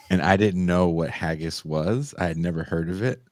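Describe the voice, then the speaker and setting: A man co-hosting a podcast, telling animated stories in casual chat and swearing freely. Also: deep voice, fast talker, hardly any pauses, no room sound. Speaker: podcast co-host.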